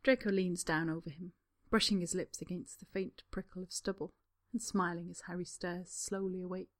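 A woman narrating a fan story as an audiobook, in a soft, unhurried reading voice that at times drops near a whisper. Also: fairly low pitch, steady tone.

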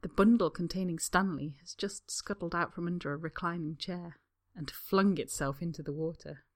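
Woman narrator, slightly low voice, calm steady storybook reading. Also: moderate pace. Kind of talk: storybook reading of fan fiction.

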